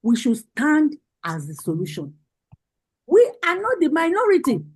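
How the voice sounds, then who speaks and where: A high-pitched Nigerian woman, the party's women's leader, delivers a stirring political speech by video call with repeated, passionate calls to action. She speaks unhurriedly, her pitch swooping wildly, on a low-quality recording.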